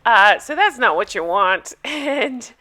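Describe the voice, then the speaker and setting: A woman's voice: fairly high pitch, animated, slow, sharp tone. A woman chatting casually with viewers as she recaps a reality show, amused and talkative.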